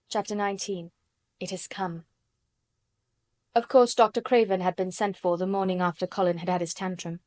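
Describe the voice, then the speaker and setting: Female audiobook narrator, measured delivery, dry studio sound. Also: on the low side, fairly even intonation, darkish tone, no room sound. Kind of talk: scripted narration.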